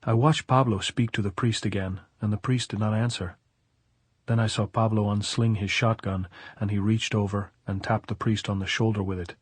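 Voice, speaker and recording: A man with a low, husky voice narrates a novel at an even, measured pace. The recording is dry and close, with no room sound. His delivery stays steady, like audiobook storytelling. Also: no echo. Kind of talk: reading a novel aloud.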